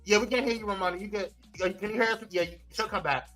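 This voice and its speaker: A man hosting a casual live-stream morning show, animated and playful, his voice swooping high when he teases. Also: quick pace, faint music behind, poor audio. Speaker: host.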